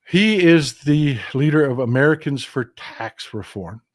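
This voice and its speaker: A man's voice: medium pitch, lively intonation, a little slow. An older man hosting a political commentary livestream, talking with passion and emphasis, repeating phrases, and reading viewer comments aloud. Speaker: livestream host.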